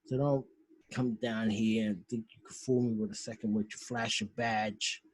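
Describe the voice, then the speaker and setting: A man's voice: on the low side, flat delivery, moderate pace, breathy edge, no room sound. A man reciting the speech of a hard-nosed, defiant male military colonel over a video call, leaning hard on key words.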